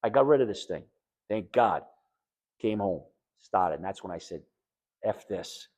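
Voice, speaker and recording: A man's voice: lowish voice, unhurried. A middle-aged man with a New England accent telling an audience his own story as a patient, in a blunt, emphatic, conversational way. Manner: blunt, emphatic, conversational, quotes others in animated voices. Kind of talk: candid personal talk to an audience.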